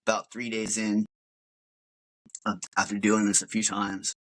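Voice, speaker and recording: A man's voice: lowish voice, little pitch movement, unhurried, a bit bright, low-quality recording. A man, a podcast guest, tells his personal story in a casual, rambling way, full of fillers and calling the host dude. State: emotional.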